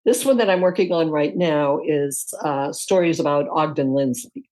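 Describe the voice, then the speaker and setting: A woman author and podcast guest, chatty and quick to laugh, halting now and then on fillers. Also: low voice, darkish tone. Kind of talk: casual interview chat.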